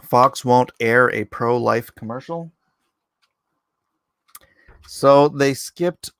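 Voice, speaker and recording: A man's voice: medium pitch, drawn-out words, a bit bright, smooth, no echo, studio quality. A man hosting a casual livestream, reading viewer comments aloud and chatting back in a rambling, self-deprecating way. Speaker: livestream host.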